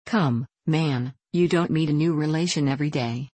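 A woman's voice: low-pitched, normal speed, a little mellow, husky, dry recording. A woman reading the lines of a jovial, merry young king in a hearty, laughing manner.

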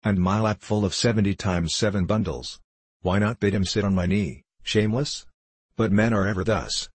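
A man voicing a sharp-tongued farmer's wife in an audiobook, scolding as she talks. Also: on the low side, fairly even intonation, normal speed, husky, no room sound.

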